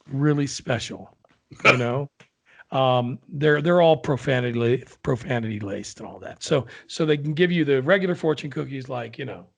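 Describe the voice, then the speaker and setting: Gravelly man rambling through jokes. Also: mid-range voice. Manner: rambling, self-correcting storyteller. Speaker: podcast co-host. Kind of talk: casual joke-telling chat.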